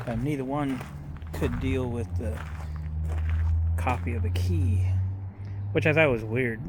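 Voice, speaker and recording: A middle-aged man chats in a loose, folksy way, calling his viewers boys and girls as he rambles about his small electric car. He is recorded outdoors, and steady outdoor noise sits clearly under his ordinary middle-pitched voice. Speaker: vlogger showing his electric utility car. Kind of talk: casual vlog talk. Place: outdoors, at a restaurant lot and by a barn.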